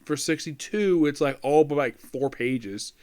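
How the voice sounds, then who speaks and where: A man gives casual commentary on an anime episode. His voice sits a bit high for a man, and he rambles, restarts his sentences and throws in fillers. Now and then he adds a wry, mildly exasperated aside. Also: a little slow, a little mellow. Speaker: anime reviewer.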